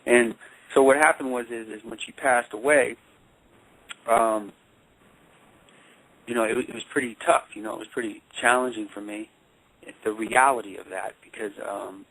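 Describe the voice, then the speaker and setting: A man working as a life coach and counselor, telling a personal story in a phone interview with halting speech and frequent repeated words. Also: medium pitch, fairly even intonation, fairly bright tone, rough recording.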